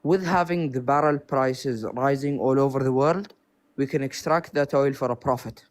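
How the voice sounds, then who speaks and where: A man's voice: medium pitch, normal speed. Young man raised in Oman, Gulf Arabic accent, earnest and hesitant, apologizes often, casual debate caller. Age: young adult.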